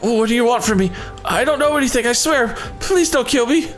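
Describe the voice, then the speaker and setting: A man's voice: extremely high pitch, lively intonation, brisk, a bit bright, faint music behind, pitched above the performer's own voice. A man voicing a terrified poor male commoner in a video game, pleading in a panic.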